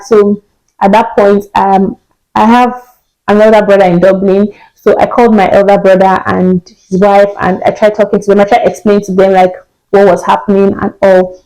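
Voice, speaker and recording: A woman's voice: mid-range voice, normal speed, low-quality recording. A young woman from Nigeria telling a personal story in a casual vlog, acting out the dialogue with laughs along the way. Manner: animated, acts out quoted dialogue with laughs. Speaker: vlogger.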